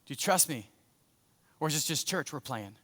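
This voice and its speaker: A man voicing God as a calm, fatherly male figure who asks slow, searching questions. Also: on the high side, pitched below the performer's own voice. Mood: solemn. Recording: echoey church hall.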